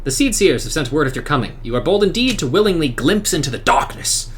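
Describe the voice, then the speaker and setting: A man's voice: on the high side, big pitch swings, fast talker, a little hiss or hum, pitched above the performer's own voice. A man reading aloud as a grim, watchful male forest guard in a fantasy game, giving warnings.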